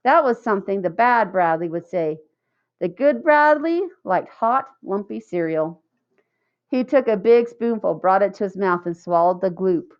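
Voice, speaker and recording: Female audiobook narrator, steady storytelling read; lo-fi, slightly dull recording. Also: mid-range voice, measured pace, clear, resonant tone. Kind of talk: scripted narration.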